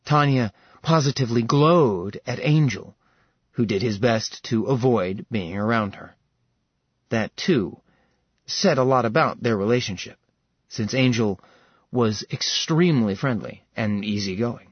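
A man narrating an audiobook in a measured storytelling style. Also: mid-range voice, slightly rough, no room sound. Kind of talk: scripted narration. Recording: dull slightly lo-fi dry recording.

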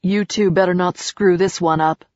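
A woman voicing a commanding, wry goddess with a cool, curt, lower delivery, in a storybook reading. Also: steady tone, moderate pace, darkish tone, dry recording, natural voice. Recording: slightly dull dry recording.

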